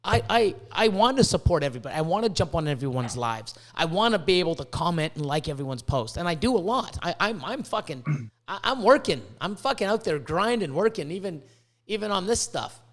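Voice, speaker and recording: Excitable, foul-mouthed high-voiced man. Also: a little fast. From Canada. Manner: profane, excitable, with many restarts. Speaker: podcast host. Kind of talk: casual podcast rant.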